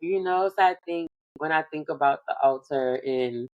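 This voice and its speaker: A woman hosting a relaxed conversation, reflective and loosely phrased with lots of "like". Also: sits low, normal speed, highs cut off. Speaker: podcast host. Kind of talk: casual conversation.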